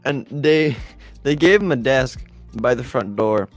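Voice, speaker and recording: A man with a middle-pitched voice and lively ups and downs. He tells a story to friends, tossing in "right?" as he goes. Faint music sits behind him. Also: unhurried. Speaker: podcast co-host. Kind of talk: casual group chat.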